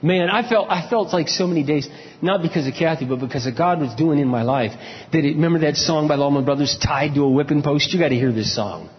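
A married man preaching a sermon, telling personal stories and swinging from low confessional murmurs to loud shouted emphasis. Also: fast talker. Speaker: pastor. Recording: dull, echoey hall sound.

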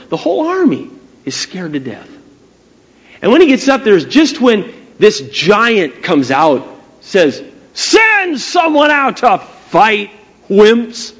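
A male preacher delivers a sermon in a high voice with wide, lively swings in pitch. He tells the story with animation and speaks straight to his listeners. The recording is dull and lo-fi. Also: measured pace.

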